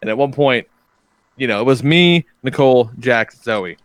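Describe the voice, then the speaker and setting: A man's voice: mid-range voice, lively intonation, moderate pace, no room sound. A middle-aged man hosting a podcast, telling profane stories and laughing often in casual chat. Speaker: podcast host.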